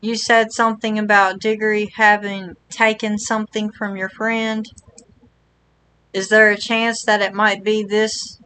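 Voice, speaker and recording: Woman voicing a flowery young street magician, bright tone, unhurried gushing lines. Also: medium pitch, flat delivery, clean tone, poor audio. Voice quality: flowery, overly sweet manner. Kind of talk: reading game dialogue aloud.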